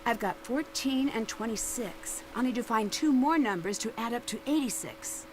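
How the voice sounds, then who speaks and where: A woman's voice: on the high side, lively intonation, moderate pace, slight background noise, close to an everyday voice, poor audio. An actress voicing a determined young female detective in video game dialogue, matter-of-fact and self-assured. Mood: confident.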